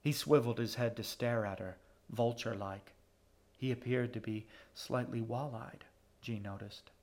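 Male audiobook narrator, measured and steady delivery. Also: mid-range voice.

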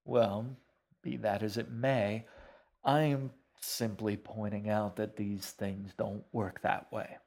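A man reading a story aloud, voicing a polite middle-aged stranger who speaks gently and a bit formally. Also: lowish voice, level tone. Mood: calm. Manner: measured, mildly formal.

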